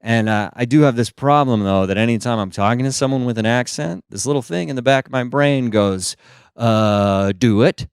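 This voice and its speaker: A young man from the United States performs stand-up comedy into a handheld microphone, his voice smooth and resonant in a dry, close sound. He tells his stories in an animated, playful way. He keeps breaking into silly, high-pitched voices for the people he quotes. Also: fairly quick, few pauses, no room sound. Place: small stage.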